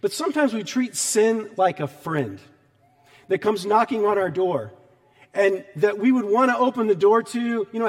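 A man's voice: sits high, expressive, moderate pace, big-room sound. A man, a pastor, preaching a sermon in a conversational, storytelling way, with emphatic repetition.

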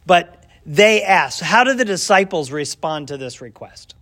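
A man's voice: fairly high pitch, measured pace. A man teaching a casual Bible lesson who asks the class questions, answers them himself and acts out bits of the story. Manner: animated storytelling with acted-out asides.

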